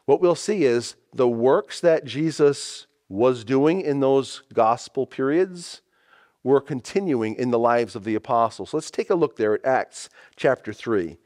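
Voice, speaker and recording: Slow, emphatic male preacher. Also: mid-range voice, lively intonation, a little mellow. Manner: emphatic preaching with rising stressed phrases; reads scripture aloud with slow stress. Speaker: pastor. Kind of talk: sermon.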